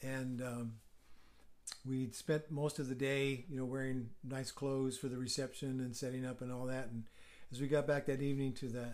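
An older man, a therapist appearing as a podcast guest, telling a family story in a measured way with hesitant fillers. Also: medium pitch, flat delivery, darkish tone. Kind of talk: casual chat.

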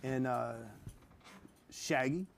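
A man's voice: medium pitch, extremely slow, vocal fry, slight background noise. A man playing a judge in a mock courtroom comedy, presiding in a loose, offhand way.

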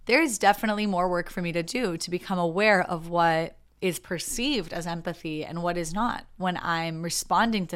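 Young female podcast host, lowish voice, earnest reading and reflection. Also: fairly bright tone. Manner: earnest, reflective, acts out quoted replies.

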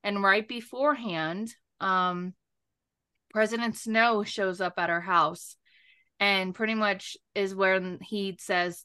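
Bright young woman recapping the plot. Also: mid-range voice, steady tone, smooth. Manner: recaps plot quickly, filler-heavy. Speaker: podcast co-host. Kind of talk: casual book club chat.

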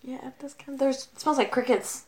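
A woman's voice: sits high, fairly even intonation, a little fast, darkish tone, slight background noise. A young woman in casual chat, bubbly and dramatic, often acting out what others said. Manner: bubbly, dramatic, acts out quotes. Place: basement.

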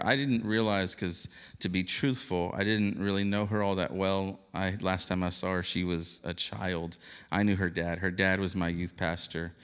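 A male pastor introducing a guest to his congregation, excitable and joking, breaking into loud shouts and call-outs. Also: low voice, smooth. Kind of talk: lively church welcome and introduction. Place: church sanctuary. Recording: live church hall reverb.

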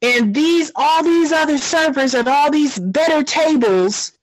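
A woman's voice: sits high, a little slow, no room sound, rough recording. A woman co-hosting a podcast, reacting with sassy, mock-outraged commentary in casual chat. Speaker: podcast co-host.

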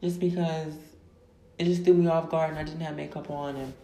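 A woman podcast host, ranting loudly and emphatically, full of profanity, with words drawn out for stress. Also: deep voice, steady tone, a little fast. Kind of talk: profane casual rant. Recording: echoey room.

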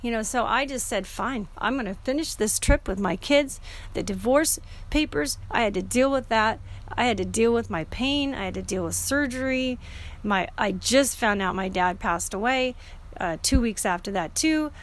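A woman's voice: a little high, moderate pace. A middle-aged woman telling a personal story in a casual, earnest and emotional way, often restarting her sentences.

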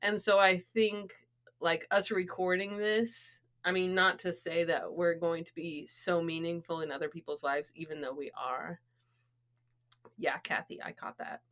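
A middle-aged woman co-hosting a podcast, talking in loose, rambling casual chat. Her voice sits a little low but sounds bright and forward. She fills her sentences with "like" and starts over often. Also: steady tone, measured pace. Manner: rambling, full of "like" and restarts. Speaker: podcast co-host.

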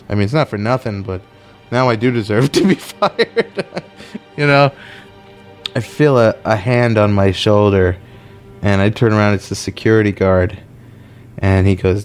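A man's voice: on the low side, measured pace, long pauses. A man telling a personal story, animatedly acting out the people he quotes. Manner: animated, acts out quoted voices.

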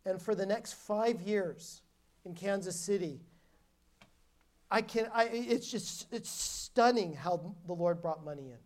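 A woman's voice: medium pitch, takes it slowly, darkish tone. A woman preacher giving a sermon as a personal testimony, telling her story emphatically and often restarting her sentences.

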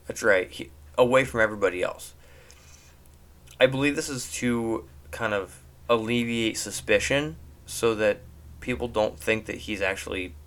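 Young man for a casual, rambling movie recap that gets animated at the funny bits. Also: mid-range voice. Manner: rambling, animated, laughs at jokes.

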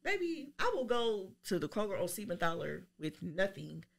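A woman's voice: medium pitch, sing-song, moderate pace, gravelly. A woman telling a story on a podcast in blunt, profane talk, acting out the voices of the people she quotes. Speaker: podcast guest; business owner. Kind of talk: casual podcast chat.

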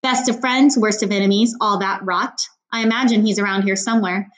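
A woman's voice: mid-range voice, fairly even intonation, brisk, close to an everyday voice. A woman reading a storybook aloud, voicing a suave, sarcastic older man who mocks his rival with exaggerated politeness. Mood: sardonic. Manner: silky and sarcastic, polite on the surface. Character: suave, mocking older man, a wily leader.

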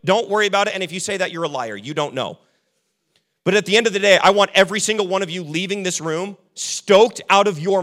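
A young adult man preaching a sermon as pastor, casual and joking, acting out quick quotes. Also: sits high, fairly bright tone.

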